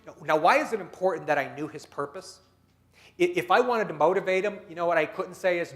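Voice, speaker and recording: A man with a high voice speaks fast as keynote speaker at a dinner meeting. He tells stories, acts out the people he quotes, and leads the audience through exercises.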